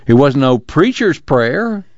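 A man's voice: on the high side, very animated, slow, no echo, lo-fi sound, voice pushed up, heavily acted. A man voicing a humble, doubting former preacher in plain rural speech. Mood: unsure.

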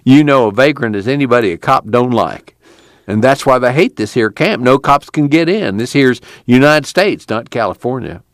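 A man's voice: mid-range voice, animated, normal speed, no room sound, clean studio sound, voice pushed up, natural voice. Man playing a tubby, cussing migrant. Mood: indignant. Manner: rambling, profane storyteller. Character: tubby, talkative male migrant worker.

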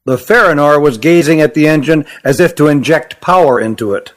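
A man reading a fantasy novel aloud as the narrator, in a steady, even storytelling manner. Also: fairly high pitch, a little fast, few pauses. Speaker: audiobook narrator. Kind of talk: scripted narration.

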